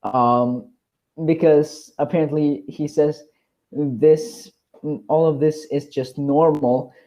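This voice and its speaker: A man's voice: on the high side, steady tone, slow, warm tone, low-quality recording. A teenage boy in casual chat, telling a story with many hesitations and restarts. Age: teens. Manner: hesitant, lots of ums and restarts, embarrassed.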